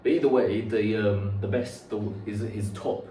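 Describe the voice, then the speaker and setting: Young man, lowish voice, rambling chatty vlog, echoey bare room, faint hiss. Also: moderate pace, mellow. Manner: rambling, chatty, swears casually. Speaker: vlogger. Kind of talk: casual chat to camera. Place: unfinished house under renovation, indoors. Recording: echoey empty room, faint background noise.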